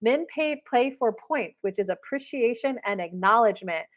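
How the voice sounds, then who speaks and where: A woman's voice: a little high, animated, moderate pace, hardly any pauses. A woman dating and spiritual coach, talking casually to camera in a chatty way, telling stories with many fillers. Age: adult mother of boys.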